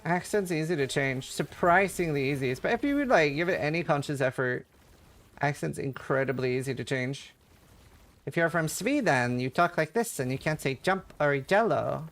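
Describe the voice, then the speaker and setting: A man's voice: a little high, expressive, normal speed, a bit bright. A man from Norway with a light Norwegian accent, a game streamer chatting casually with his viewers, rambling with lots of fillers and playfully imitating accents. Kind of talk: casual chat with chat readers while gaming.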